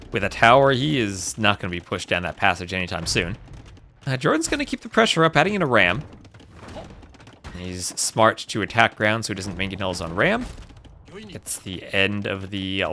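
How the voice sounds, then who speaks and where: Lively gravelly male game caster. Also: fairly low pitch, slight background noise. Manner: chatty, thanks viewers between plays. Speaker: tournament host and caster. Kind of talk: live-streamed esports commentary.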